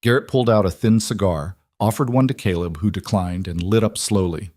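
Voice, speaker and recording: A male narrator reads a frontier story in a steady, measured manner. His voice sits on the low side. The recording is dry with no room sound. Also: no echo. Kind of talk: scripted narration.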